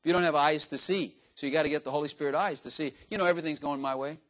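A man's voice: on the high side, racing, a bit bright. An older man preaching a sermon in a folksy, joking way, acting out little dialogues in different voices. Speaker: pastor.

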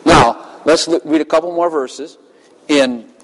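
A man preaches with fervent emphasis, reading scripture dramatically. His voice sits somewhat high for a man. The sound carries a long reverb from a large hall. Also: measured pace. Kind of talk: sermon.

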